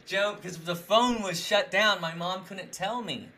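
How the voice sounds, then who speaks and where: A man's voice: high voice, measured pace, sharp tone, slight background noise. A young man in casual conversation, rambling with many fillers and frequent laughs. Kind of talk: casual chat.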